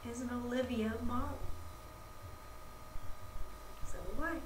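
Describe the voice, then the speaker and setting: A woman's voice: on the high side, unhurried, long pauses. Woman vlogger, chatty and gushing, distant mic with faint hiss behind. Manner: effusive, gushing, lots of fillers and restarts. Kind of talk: casual rambling anecdote. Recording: roomy, off-mic, faint background noise.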